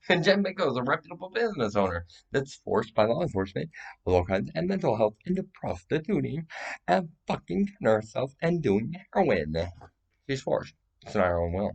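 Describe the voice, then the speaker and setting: A man's voice: fairly low pitch, big pitch swings, moderate pace, vocal fry. A man giving a rambling, profane, agitated monologue that jumps from claim to claim.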